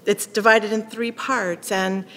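A woman pastor preaching a sermon, animated, acting out quoted lines with sharp rising questions. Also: medium pitch, a little slow. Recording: long hall reverb.

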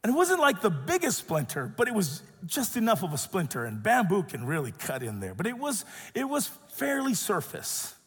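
A high, husky male voice preaching with wide swings in pitch, lively and expressive as he acts out each voice in his story. The sound carries a long reverb, as from a large church sanctuary. He sounds like a pastor in his thirties. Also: normal speed, few pauses. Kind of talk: sermon with personal storytelling.

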